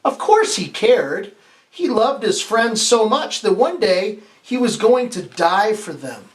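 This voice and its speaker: A man reads a children's picture book aloud as a pastor hosting story time. He keeps it expressive and playful, breaks off to ask the kids questions and has them repeat lines back. He stumbles and restarts now and then. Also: high voice, slow.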